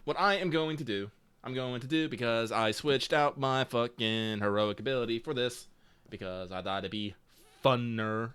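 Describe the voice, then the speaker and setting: A man playing a tabletop game, animated and tripping over his words. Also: medium pitch, normal speed, smooth. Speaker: player. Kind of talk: casual tabletop game chat.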